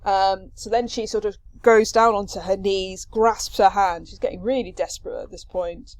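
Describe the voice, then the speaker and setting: A woman's voice: medium pitch, fairly even intonation, normal speed, no room sound. A woman casually retelling and explaining a scene from a Greek play, paraphrasing with chatty fillers and reading quoted lines with livelier emphasis.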